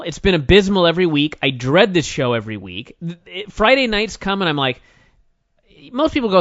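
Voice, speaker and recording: A man's voice: fairly high pitch, very animated, fairly quick, fairly bright tone, no echo, highs cut off. Ranting, profane man co-hosting a podcast. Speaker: podcast co-host. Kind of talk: casual wrestling review chat.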